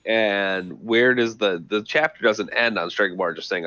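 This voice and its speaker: A teasing, argumentative man with a lowish, bright, forceful voice, debating a book. His dry mic sounds dull and lo-fi. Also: normal speed, dry recording. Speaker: podcast co-host. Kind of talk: casual book discussion.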